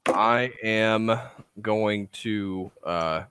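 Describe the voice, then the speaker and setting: A man's voice: on the low side, extremely slow, noisy background. A man playing a tabletop game, hesitant and full of fillers. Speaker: player. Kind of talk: tabletop role-play.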